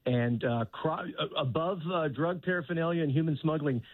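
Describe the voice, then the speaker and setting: A man calling into a radio show as a guest, telling a comic story in a mock-serious, deadpan way. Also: on the high side, moderate pace, dry recording. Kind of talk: phone-in interview, humorous. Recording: tinny phone line.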